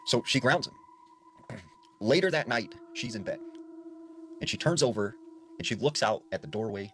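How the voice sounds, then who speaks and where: A man's voice: fairly low pitch, animated, normal speed, pauses often, fairly bright tone, slight background noise. A man casually retelling spooky stories in a conversational way, full of fillers like "like". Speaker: storyteller. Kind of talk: casual spoken ghost story narration.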